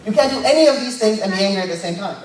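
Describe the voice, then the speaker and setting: A young man giving a casual, joking sermon as a lay preacher, tagging his points with quick asides. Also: sits high, animated, crowd noise. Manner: informal and joking, tags lines with "right?". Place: church hall. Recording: very echoey church hall, mic far off. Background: congregation noise.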